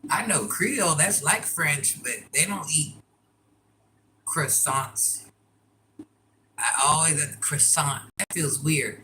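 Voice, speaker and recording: An older woman chatting casually on a live stream, laughing often and breaking into loud exclamations. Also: low-pitched, takes it slowly, a little hiss or hum, poor audio. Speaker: livestreamer.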